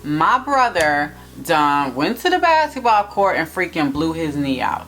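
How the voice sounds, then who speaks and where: A young woman in a casual storytime vlog, talking straight to viewers in an animated, emphatic way. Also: low voice, unhurried, soft background music. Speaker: vlogger telling a personal story.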